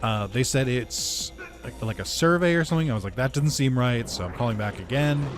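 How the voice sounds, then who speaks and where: A man's voice: medium pitch, expressive, fairly quick. A man casually telling a long, sarcastic story while playing a video game, swearing often and laughing between lines. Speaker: gaming YouTuber. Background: game music.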